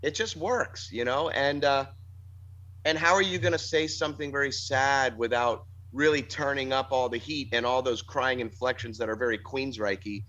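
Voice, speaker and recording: A man's voice: mid-range voice, steady tone, moderate pace, a bit bright. A man, a band's singer, talking about his songs in a casual interview, thoughtful and rambling with restarts. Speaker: band singer. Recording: dull lo-fi sound.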